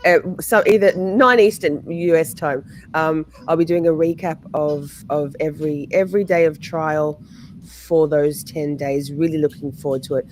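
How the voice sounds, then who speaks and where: A woman with an Australian accent in casual livestream chat, in her morning voice, hesitant with frequent ums and throat clearing. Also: low-pitched, steady tone, normal speed, a little hiss or hum. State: morning voice, just woke up. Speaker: guest true-crime streamer.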